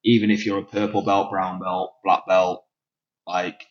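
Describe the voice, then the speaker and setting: A lower-voiced man with a Manchester accent hosts a grappling chat show. He talks loosely, swears freely and laughs easily. The recording is dull and lo-fi. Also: level tone, measured pace. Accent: Northern English, Manchester. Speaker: podcast host and grappling coach. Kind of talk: casual chat. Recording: dull lo-fi sound.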